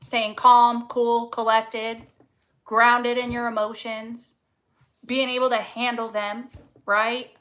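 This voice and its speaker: A woman's voice: a little high, little pitch movement, takes it slowly, a bit bright, a little hiss or hum, low-quality recording. A woman reading tarot cards casually to camera, fervent and encouraging, swearing freely and repeating words for emphasis. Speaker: tarot reader.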